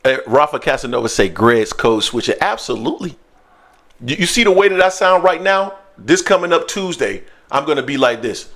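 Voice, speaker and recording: A man's voice: fairly high pitch, normal speed. Loose, slangy male live-stream host. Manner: loose, animated, slangy banter. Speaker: sports show host. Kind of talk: casual live-stream chat.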